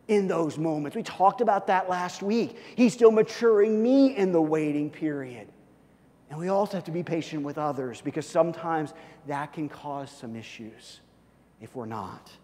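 A man preaching a sermon as pastor, acting out little scenes and swinging from loud, lively bursts to quiet, hushed asides. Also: a little high, long reverb tail. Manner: animated, acts out scenes with big swings in loudness.

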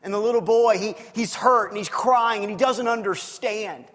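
A man's voice: high voice, moderate pace. A man preaching a sermon as pastor, earnest and repetitive, often restarting his words. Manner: earnest, repetitive, stumbles and restarts, bursts to shouting. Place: church hall. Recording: long reverb of a large hall.

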